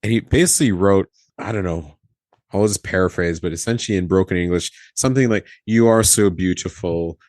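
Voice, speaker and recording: Low-voiced guy chatting on a podcast, voice jumps all over when he acts out what people said, laughs a lot, dry close mic. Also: fast talker, no room sound. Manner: animated, acts out quoted dialogue, laughs often. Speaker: podcast host, former flight attendant. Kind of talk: casual storytelling chat.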